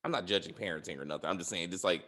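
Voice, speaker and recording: A man hosts a casual, spoiler-filled TV series review podcast, ranting with exasperated and profane commentary. His low-pitched voice races along, sounding pushed and bright.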